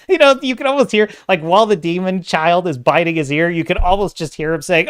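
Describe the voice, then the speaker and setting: A man's voice: high-pitched, a little fast, few pauses, clean tone. A man hosting a livestream, chatting casually and rambling, laughing often and reading out viewer comments. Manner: rambling, animated, laughs often, reads chat aloud. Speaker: livestream host.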